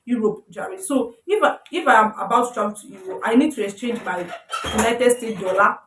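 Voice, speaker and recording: A woman's voice: a little high, expressive, a little fast, far from the mic, noisy background. A woman teaching a casual tutorial. She often corrects herself mid-sentence and keeps checking in with "you understand?". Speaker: forex trading teacher. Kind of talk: informal tutorial explaining slides. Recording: roomy sound, voice away from the mic.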